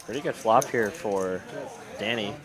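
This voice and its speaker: Low-voiced man commentating poker. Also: measured pace, a crowd in the background. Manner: casual, conversational, with fillers.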